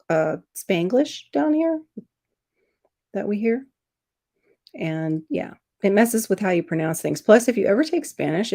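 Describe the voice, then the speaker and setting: A woman's voice: low-pitched, vocal fry. A woman hosting a casual livestream chat, talking freely and laughing often between remarks. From Florida. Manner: chatty, laughs often, animated mock voices. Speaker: livestream host. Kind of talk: casual chat reading viewer comments.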